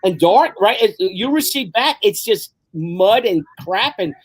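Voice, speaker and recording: A man's voice: high voice, animated, unhurried, husky. A man co-hosting a casual video-call chat among cartoonists, rambling and emphatic, often swearing. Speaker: comic artist co-host.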